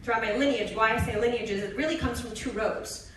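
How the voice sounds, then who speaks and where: A woman's voice: fairly high pitch, a little fast, fairly bright tone, a little hiss or hum. Winded woman talking on a stage. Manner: chatty, laughing asides, a little out of breath. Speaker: speaker presenting products on stage. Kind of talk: casual stage talk. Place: stage in a large hall. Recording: roomy hall sound from a distant mic.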